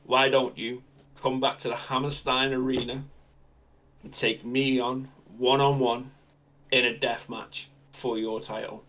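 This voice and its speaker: A man plays a brash male death-match wrestler calling out a champion. The voice sits in a plain middle register and moves at a deliberate, steady pace. It sounds improvised in the middle of a podcast story. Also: mid-range voice, lightly acted. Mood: challenging. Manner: challenging, told off the cuff. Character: brash male hardcore wrestler issuing a challenge.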